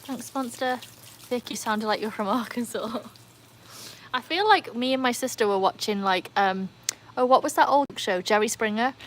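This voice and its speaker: A woman hosting a casual livestream by her pool, chatting excitedly and answering viewer comments. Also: a little high, moderate pace, a little hiss or hum. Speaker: livestream host. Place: outdoors by a backyard pool. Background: faint outdoor ambience, dogs.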